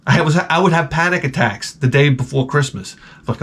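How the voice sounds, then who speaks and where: Middle-aged man, casual vlogger, profane and animated ranter, slightly high voice. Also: normal speed. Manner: profane, animated, ranting with put-on exasperated quotes. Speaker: vlogger showing garage sale finds. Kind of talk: casual storytelling vlog.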